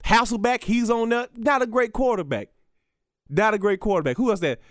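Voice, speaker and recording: A man's voice: high-pitched, fairly quick, no echo, studio quality. A man hosting a solo podcast, rambling and profane, with lots of restarts. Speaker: podcast host. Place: radio station studio.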